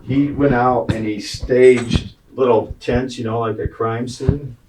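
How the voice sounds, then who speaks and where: A man's voice: mid-range voice, fairly even intonation, takes it slowly, a little mellow. A man telling a long, profane, rambling story in a casual podcast chat, chuckling as he goes. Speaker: racing guest telling a story. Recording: distant mic with clear background noise.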